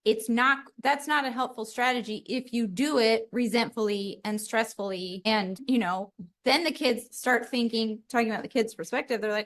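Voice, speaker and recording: A middle-aged woman co-hosting a podcast in casual chat, animated, acting out little quoted voices. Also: on the high side, moderate pace. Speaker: podcast co-host.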